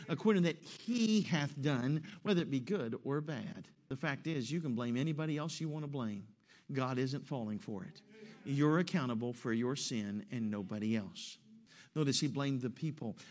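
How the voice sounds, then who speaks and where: A man preaching an emphatic sermon, telling a story along the way and rising to loud peaks. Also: a little high. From West Virginia.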